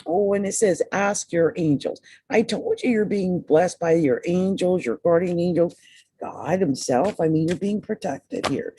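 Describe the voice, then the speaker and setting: A woman's voice: on the low side, animated, unhurried, dark tone, slight background noise. A woman giving a casual tarot reading, chatty and emphatic, often repeating the sign's name, her voice dry. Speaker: tarot reader and astrologer.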